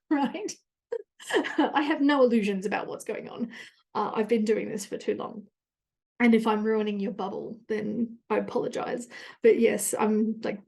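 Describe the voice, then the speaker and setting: A woman's voice: medium pitch, darkish tone. An Australian woman hosting her own podcast, talking through a personal story. She rambles and drifts into tangents, acting out her own thoughts as she goes. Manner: chatty, rambling with tangents and self-quotes. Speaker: podcast host.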